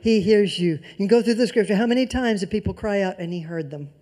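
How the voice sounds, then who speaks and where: Preacher, mid-pitched, mellow tone, sermon with emphatic repetition and soft asides. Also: fast. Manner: emphatic repetition of key phrases; swings between loud emphasis and soft near-whispers.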